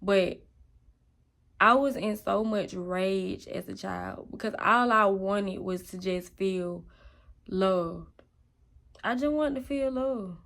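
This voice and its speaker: A woman's voice: mid-range voice, slow, vocal fry, pauses often, a bit bright. Candid young woman telling her story. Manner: candid, raw and emotional. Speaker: vlogger. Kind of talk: personal testimony storytelling.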